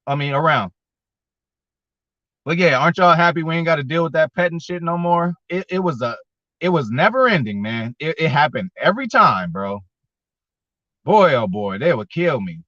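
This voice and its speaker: A man's voice: a little high, lively intonation, moderate pace, pauses often, pushed and bright, dry recording. A man hosting a casual sports fan show, talking with viewers in a slangy, profane way and getting worked up as he goes. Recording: dull lo-fi.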